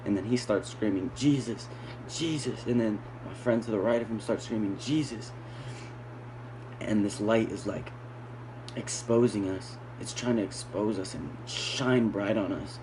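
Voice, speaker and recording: A man's voice: fairly low pitch, fairly even intonation, moderate pace, noisy background. A man recounting a frightening dream in a fearful, pleading way.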